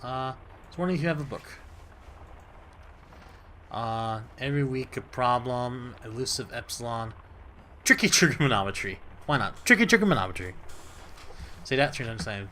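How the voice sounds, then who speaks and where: A man commenting as he plays a story game, jokey and excitable, often laughing at himself. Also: medium pitch, moderate pace, long pauses, slight background noise. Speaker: gameplay commentator. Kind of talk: let's play commentary.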